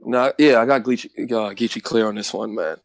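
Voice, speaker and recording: A man's voice: on the low side, fairly quick, vocal fry, dry recording. A man calling into a podcast, laying out his argument point by point. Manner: steady, makes his case point by point. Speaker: guest commentator. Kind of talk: casual debate call-in.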